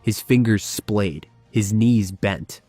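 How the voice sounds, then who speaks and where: A low-voiced man narrates an epic fan-made tale, leaning on slow, heavy pauses for drama. The recording is dry and close, with faint music underneath. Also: warm tone, dry recording. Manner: slow, emphatic, with weighty pauses. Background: faint background music.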